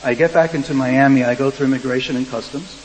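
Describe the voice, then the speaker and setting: A man's voice: mid-range voice, fairly even intonation, quick pace, darkish tone. A man on a discussion panel, telling a dry, wry story with quoted dialogue to an audience. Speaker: panel speaker. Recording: echoey hall, faint hum.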